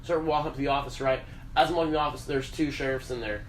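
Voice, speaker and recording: A man's voice: mid-range voice, fairly even intonation, very fast. A young man telling a story as a podcast host, casual and profane, rambling along. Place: podcast room. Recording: roomy echo, faint hiss.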